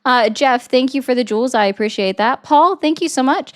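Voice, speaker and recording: Her voice sits high and her delivery is brisk. She's a livestreamer giving sarcastic, blunt takes on politics while reading and replying to comments from her viewers in chat.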